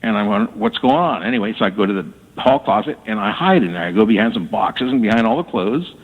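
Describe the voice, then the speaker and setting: A man telling his story as a guest on a radio interview, halting and repeating words as he talks. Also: on the low side, slightly rough. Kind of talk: casual storytelling. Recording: tinny phone line with long reverb.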